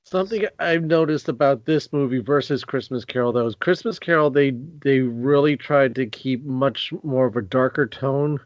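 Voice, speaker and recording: A man co-hosting a podcast, talking about a film in a laid-back, halting way. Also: medium pitch, dry recording, lo-fi sound. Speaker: podcast co-host. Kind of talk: casual movie commentary chat.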